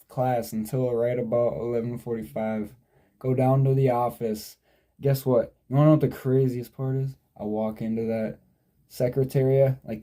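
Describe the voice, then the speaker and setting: A young man in his twenties, talking straight to the camera in a loose, rambling vlog. His voice is very dark and mellow at an ordinary pitch. He swears freely and keeps drifting off on tangents and correcting himself. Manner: digressive, profane, sidetracks and self-corrects. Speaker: vlogger. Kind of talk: casual rambling storytelling.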